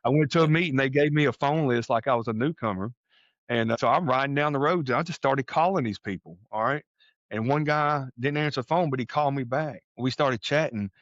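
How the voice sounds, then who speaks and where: A man's voice: mid-range voice, a little fast, no echo. A man from Texas, a podcast guest, telling his story in an earnest, folksy way and acting out conversations he recalls. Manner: earnest, folksy, acts out quoted exchanges. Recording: dull lo-fi sound.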